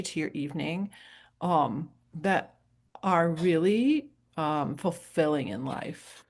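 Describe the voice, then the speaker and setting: A middle-aged woman from New Hampshire talks to camera as a coach in a loose, rambling way. Her voice sits a little low for a woman. She laughs easily and drifts between advice and stories. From New Hampshire, USA. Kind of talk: casual motivational talk to camera.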